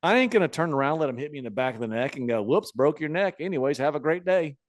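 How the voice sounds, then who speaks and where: A man's voice: on the high side, animated, fast talker, no room sound, close to an everyday voice. Brash old ring veteran giving blunt advice, a man putting on the voice. Dry, close sound. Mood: boastful advice.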